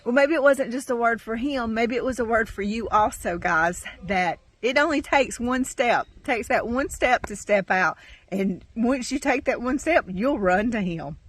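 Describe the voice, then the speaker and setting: A woman's voice: fairly high pitch, animated, moderate pace. Emotional woman giving testimony. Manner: emotional, rambling, says y'all often. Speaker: farm vlogger. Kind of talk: heartfelt testimony.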